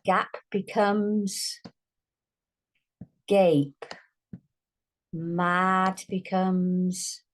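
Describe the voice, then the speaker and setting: Slow patient woman teaching phonics. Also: fairly low pitch, darkish tone. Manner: slow, drawn-out sounding out of words. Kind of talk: phonics lesson.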